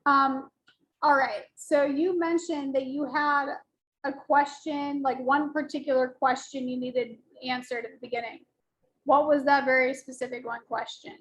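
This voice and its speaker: A woman's voice: high-pitched, fairly even intonation, a little slow, a little hiss or hum, poor audio. A woman moderating a panel discussion, asking questions in an encouraging, lightly playful way. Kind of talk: hosting a panel Q&A.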